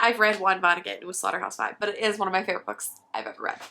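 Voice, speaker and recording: A woman's voice: mid-range voice, expressive, quick pace, hardly any pauses, bright, forceful tone. A young woman book vlogger giving casual comedic commentary, teasing playfully.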